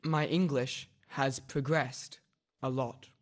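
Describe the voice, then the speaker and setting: A man reading a friendly student, slow. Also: medium pitch, natural voice. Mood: plain. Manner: friendly, even-handed. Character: agreeable male student seeking compromise. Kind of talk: scripted textbook dialogue.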